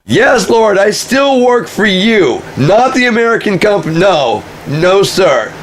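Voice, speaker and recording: A man's voice: sits high, very animated, unhurried, slight background noise, voice pushed up. A man voicing a servile underling who pleads and swears loyalty to his master. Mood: groveling.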